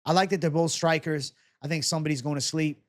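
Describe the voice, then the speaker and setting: A man's voice: on the high side, steady tone. A young man casually breaking down fight predictions and betting odds on his own show, joking and swearing as he goes. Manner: casual, fast-talking, swears and jokes. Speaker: MMA betting analyst.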